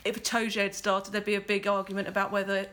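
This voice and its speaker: A woman's voice: mid-range voice, little pitch movement, quick pace, fairly bright tone. Female pundit, mid-range voice, fluent and analytical. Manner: fluent, analytical, uses filler 'like'. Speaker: rugby pundit. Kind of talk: casual sports discussion.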